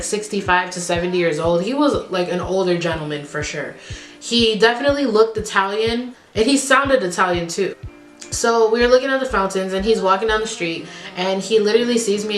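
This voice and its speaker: A young woman vlogger, from the Midwest, telling a personal story in a casual, animated way with plenty of fillers and asides. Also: mid-range voice, a little fast, reverberant, soft background music. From Chicago.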